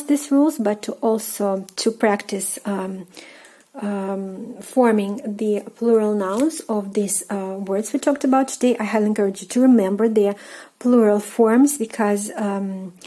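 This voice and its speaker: A woman with a Russian accent teaching an online language lesson, explaining casually with fillers and repeating words slowly for practice. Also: medium pitch, warm tone.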